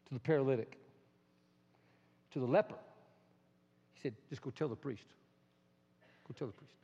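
A middle-aged male pastor giving a sermon in an emphatic style, with bursts into high, excited exclamations. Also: moderate pace, long pauses, husky, long reverb tail, lo-fi sound.

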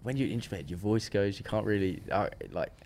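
A man's voice: fairly low pitch, fairly quick. A man, a podcast guest, telling a story in casual chat and acting out the dialogue as he goes. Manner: animated, acts out quoted dialogue, frequent restarts.

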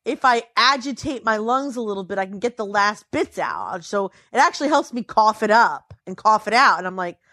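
A woman's voice: a little fast, hardly any pauses, no room sound, studio quality. A tired woman telling a story in casual chat, acting out quotes with big swings in her voice. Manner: animated, acts out quotes with pitch swings.

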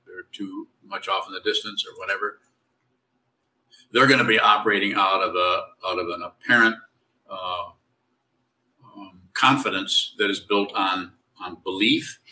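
Low-voiced man teaching from a distance. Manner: relaxed, conversational, wry and teasing. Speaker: meditation teacher. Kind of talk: spiritual Q&A teaching.

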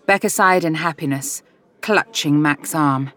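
An audiobook narrator reading a romance novel in an even, measured storytelling voice. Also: medium pitch.

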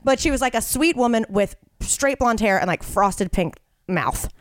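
A young woman chatting on a podcast, her pitch leaping and dipping as she tells a story. She acts out the people in it, the voice sits a little high, and the room is dry and close. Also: moderate pace, dry recording. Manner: animated, swearing, acts out quotes. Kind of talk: casual chat, storytelling.

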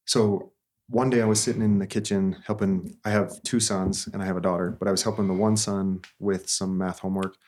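A man's voice: sits low, a little mellow. A therapist, a man in his thirties, telling a story in an earnest, conversational way with frequent restarts.

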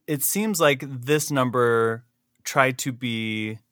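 A man hosting a casual podcast chat, animated and quick to laugh. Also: medium pitch, no echo, clean studio sound. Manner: animated, laughs often, chatty storytelling. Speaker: podcast host.

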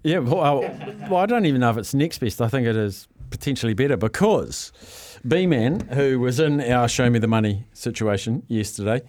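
A man's voice: mid-range voice, animated, normal speed, hardly any pauses, a little mellow. Chatty male radio host. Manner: chatty, prompting the guest. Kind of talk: casual chat.

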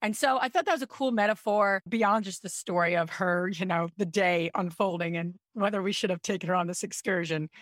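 A woman in her thirties, a podcast co-host, telling a personal story in an animated, chatty way. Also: medium pitch, brisk, hardly any pauses, no room sound, clean studio sound. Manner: animated, chatty, with frequent "like" and "I'm like". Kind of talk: casual storytelling chat.

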